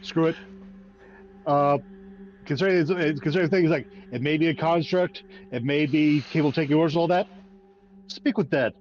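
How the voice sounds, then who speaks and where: A man's voice: a little high, fairly quick, pauses often, a little mellow, dull audio, faint music behind. A man playing in a tabletop game who keeps asking questions about what he finds. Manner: inquisitive, asks rules questions. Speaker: player. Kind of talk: casual tabletop play.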